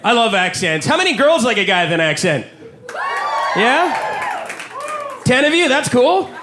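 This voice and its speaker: A Canadian stand-up comedian with a high voice and big pitch swings performs a live set in a comedy club. He's wry and conversational, slipping into quick voices for his bits. The live club recording is loud with crowd noise, audience laughter and room ambience.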